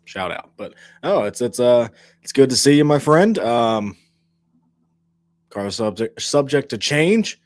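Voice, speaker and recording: A man's voice: mid-range voice, lively intonation, slow pace, pauses often, a little mellow, dry recording. A man co-hosting a wrestling podcast who is stuffed up from allergies and keeps things jokey and playful. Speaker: podcast co-host. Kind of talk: casual podcast chat.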